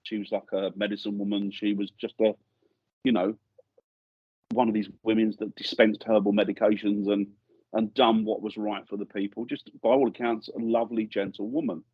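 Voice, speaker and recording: A middle-aged man from England, lowish and a bit husky, rambles through ghost-hunting memories in a casual interview. He keeps restarting sentences. The sound is dry, with a slightly dull, lo-fi studio mic. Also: level tone, normal speed, no room sound. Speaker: guest ghost hunter. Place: podcast studio.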